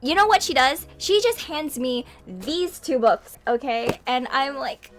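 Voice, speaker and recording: A young adult woman telling a story in casual vlog style into a webcam mic, chatty and animated, with frequent laughs and sighs. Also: high-pitched, unhurried, hardly any pauses, soft background music. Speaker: vlogger. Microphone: webcam microphone.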